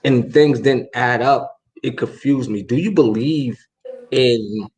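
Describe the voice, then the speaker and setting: A podcast host in casual chat, asking hesitant, halting questions. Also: medium pitch, darkish tone, poor audio.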